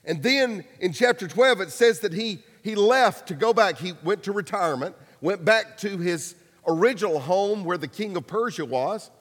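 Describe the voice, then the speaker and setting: A pastor preaching a sermon, telling stories casually with humor and acted-out quotes. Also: male voice, high-pitched, animated, moderate pace, hardly any pauses, fairly bright tone, long reverb tail.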